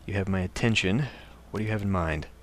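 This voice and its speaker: A man's voice: low voice, quick pace, lightly acted. A man reading the curt, blunt lines of a mercenary player character. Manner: curt, plain replies.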